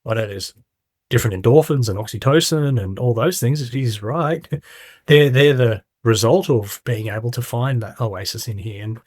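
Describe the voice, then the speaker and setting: A man's voice: medium pitch, moderate pace, a little mellow, no echo, studio quality. A middle-aged man candidly recounting his story in a casual interview, acting out quoted voices as he goes. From Australia. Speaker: guest.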